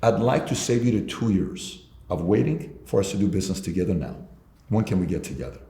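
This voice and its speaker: A low-pitched man tells business stories as an interview guest, slipping into the voices of the people in them. The room around him gives a roomy echo. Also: expressive, a little fast, dark tone. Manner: acts out both sides of dialogues. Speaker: guest entrepreneur. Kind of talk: storytelling interview talk.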